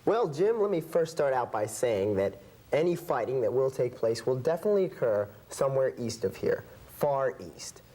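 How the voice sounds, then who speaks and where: An actor doing a confused expert who keeps losing his place on a map, full of ums and false starts. His voice is mellow and dark, but his pitch swings widely as he fumbles. It is a comedy sketch. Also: sing-song, normal speed. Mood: flustered. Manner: hesitant, rambling, full of ums. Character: bumbling male foreign terrain expert.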